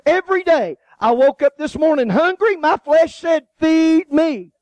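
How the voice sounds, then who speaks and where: High-voiced, animated man preaching with humor. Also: measured pace, no room sound, muffled recording. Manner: animated, joking storytelling with laughs and acted-out voices. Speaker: guest preacher. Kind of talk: sermon.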